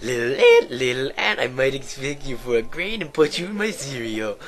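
A man's voice: mid-range voice, sing-song, normal speed, a crowd in the background, pitched above the performer's own voice. A man voicing a creepy, bug-obsessed young princess girl in his game commentary, gushing in a breathless, sing-song squeal. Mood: delighted. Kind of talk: let's play commentary with a put-on voice.

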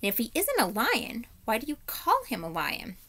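A woman's voice: a little high, wildly swooping pitch, normal speed, sharp tone, voice pushed up, full character voice. A woman doing a blunt, proud young girl.

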